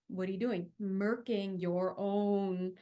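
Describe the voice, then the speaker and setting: A young woman leading a spiritual healing talk, chatty and animated, with many fillers and restarts. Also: medium pitch, takes it slowly, dull audio. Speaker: spiritual teacher.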